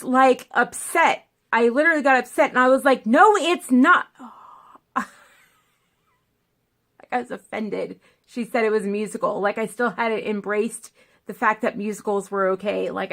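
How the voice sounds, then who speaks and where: A woman's voice: on the high side, a bit bright. A woman talking casually to the camera as a film vlogger, rambling and digressive, with lots of fillers.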